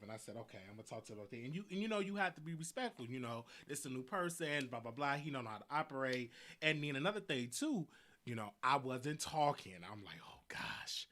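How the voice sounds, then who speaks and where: His voice runs a little high and fairly quick, carrying a Southern US accent as he hosts a live show. The story he tells rambles along casually and animatedly, with plenty of repetition and laughter.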